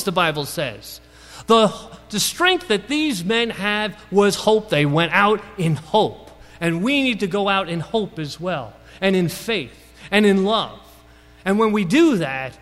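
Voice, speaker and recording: Brooklyn-accented preacher with a lively voice. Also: male voice, big-room sound, poor audio. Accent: Brooklyn New York. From Brooklyn, New York. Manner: storytelling, asks the audience questions, rises and falls in pitch for emphasis. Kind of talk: sermon.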